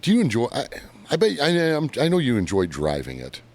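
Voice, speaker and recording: A man's voice: medium pitch, brisk. A man from Michigan with a Michigan accent, co-hosting a casual podcast chat and telling rambling stories full of tangents. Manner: animated storyteller, jumps between tangents. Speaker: podcast co-host. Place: small home studio.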